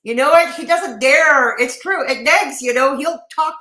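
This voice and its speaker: A woman's voice: high voice, measured pace, bright, forceful tone, roomy sound, rough recording. A woman hosting a reaction stream, talking back to a clip with sarcastic, profane asides and chatting with viewers. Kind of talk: casual reaction commentary.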